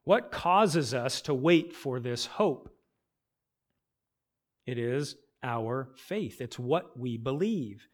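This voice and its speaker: A male preacher delivering a sermon at a slow, measured pace. He speaks emphatically and poses rhetorical questions, with his voice sitting at a middle pitch. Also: lively intonation. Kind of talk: expository sermon.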